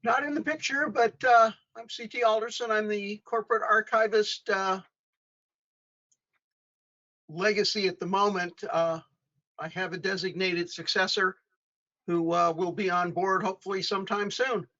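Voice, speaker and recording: A man, a corporate archivist, introducing himself in halting, hesitant speech in an online meeting. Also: mid-range voice, fairly even intonation, sharp tone. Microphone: video call. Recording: dull lo-fi webinar audio.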